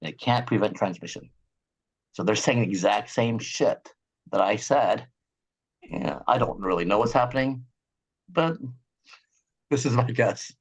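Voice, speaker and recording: A man's voice: medium pitch, expressive, a little slow, pauses often, slightly rough. Guy on a podcast ranting animatedly about his case, voice sits in a middle range. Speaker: guest, eye surgeon. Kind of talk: casual interview talk.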